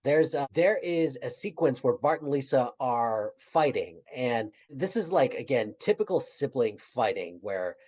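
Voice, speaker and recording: A man co-hosting a podcast in casual chat, retelling scenes and trailing off softly at the ends of his thoughts. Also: mid-range voice, expressive, a little slow, hardly any pauses, low-quality recording. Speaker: podcast co-host.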